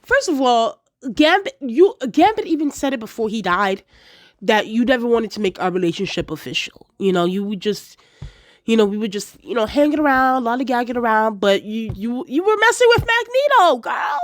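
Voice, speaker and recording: A woman in a casual episode review, chatty and animated, acting out quotes with lots of fillers. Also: on the high side, moderate pace. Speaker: video reviewer.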